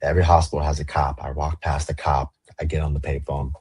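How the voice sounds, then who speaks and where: A man's voice: rumbling low, level tone, fast, a little mellow, slightly rough, no echo. A man from the Los Angeles area, a podcast guest telling his story in casual, slang-heavy, profane talk. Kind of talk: storytelling interview.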